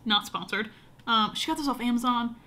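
A young woman chats to her camera at home in a loose, rambling way, with plenty of ums and restarts. Her voice sits a little on the high side. She sounds relaxed and conversational, talking straight to her viewers. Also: fairly quick. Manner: rambling, chatty, lots of fillers. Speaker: vlogger. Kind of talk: casual vlog chat. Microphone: camera on a short tripod.

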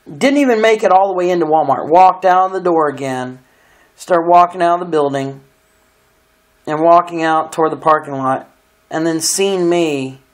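A man vlogging, telling a long story in a rambling way full of restarts and filler phrases. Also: fairly high pitch. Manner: rambling, with many restarts and "you know"s. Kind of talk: casual storytelling monologue.

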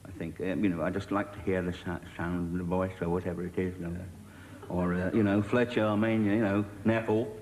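A man's voice: deep voice, fairly even intonation, a little fast. A man, a comedy actor guest on a talk show, chatting with dry, self-mocking comic timing. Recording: old TV broadcast with loud hiss. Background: studio audience laughter.

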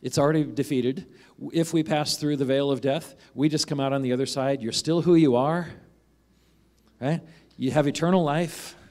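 A man's voice: a little high, fairly even intonation, normal speed, a little mellow. Conversational male pastor preaching a sermon. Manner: conversational, asks "right?" often, acts out quoted voices.

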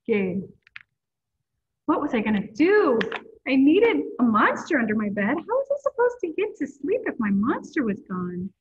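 A woman's voice: high-pitched, sing-song, moderate pace, breathy edge. Upbeat woman teaching a kids' art class. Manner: encouraging, upbeat with children. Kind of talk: kids' class instruction and read-aloud. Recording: tinny lo-fi phone-like audio.

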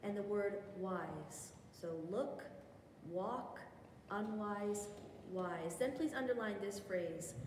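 Speaking slowly in a mid-range voice, a woman teaches a women's Bible study lesson in a church hall, guiding listeners through each step while adding chatty asides and correcting herself. There's slight background noise, and the hall sounds echoey with faint ambience.

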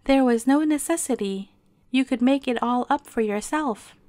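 A woman's voice: high-pitched, moderate pace, a little mellow, no room sound, studio quality, lightly acted. A woman doing a cool, dismissive nurse.

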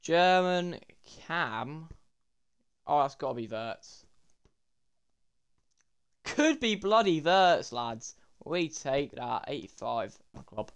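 Excitable young gaming vlogger. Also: male voice, on the high side, slow, long pauses, smooth. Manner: excitable, addresses viewers as lads and boys. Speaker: gaming YouTuber. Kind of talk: pack-opening commentary.

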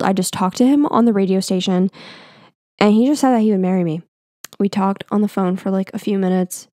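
A woman's voice: medium pitch, moderate pace, darkish tone, dry recording. Chatty young woman podcast host, dry. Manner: chatty, filler-heavy, self-mocking. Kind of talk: casual storytelling. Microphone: podcast mic.

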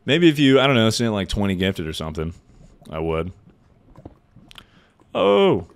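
A man's voice: low voice, very animated, brisk, smooth. A young man livestreaming a game, chatting casually with his viewers, joking and swearing as he answers their messages. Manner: loose and joking, swears freely, answers chat out loud. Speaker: livestreamer playing a game and reading chat. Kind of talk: casual stream chat.

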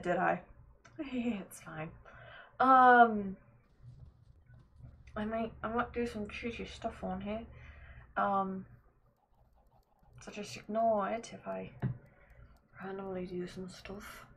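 Husky-voiced young woman streaming casually. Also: mid-range voice, slow pace, long pauses. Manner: rambling, filler-heavy, laughs often, talks to chat. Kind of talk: casual gameplay live stream chat.

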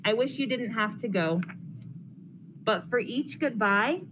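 A young woman reads a rhyming picture book to a class, bouncing through the lines in a lively sing-song. Her voice sits fairly high, and a steady noise runs under the recording. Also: a little slow. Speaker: counselor intern. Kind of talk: reading a picture book aloud to children.

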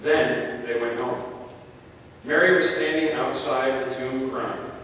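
A man's voice: medium pitch, steady tone, takes it slowly, a bit bright, a little hiss or hum. A man preaching a sermon, reading scripture aloud with casual, joking asides, recorded from a distance in an echoey hall. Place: church sanctuary. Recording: echoey hall, picked up from far off.

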